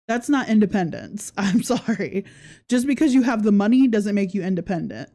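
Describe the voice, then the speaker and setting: A woman hosts a casual livestream, with sarcastic commentary broken up by frequent laughter. Her voice is mellow and warm, sitting at an ordinary middle pitch. She reads viewer comments aloud in an easygoing way. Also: animated, moderate pace. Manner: sarcastic, laughs often while talking. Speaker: podcast host.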